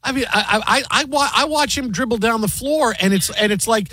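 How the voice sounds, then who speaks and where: A man's voice: very high-pitched, a little fast, bright, forceful tone, dry recording. A man hosting sports talk radio, exasperated and mocking, sometimes acting out the people he quotes.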